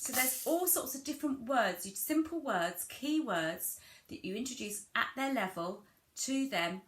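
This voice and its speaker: A woman giving a gentle instructional talk to parents, demonstrating play ideas and modelling simple words in an exaggerated sing-song way. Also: a little high, animated, measured pace. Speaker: family centre early years practitioner. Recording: echoey room with clear background noise.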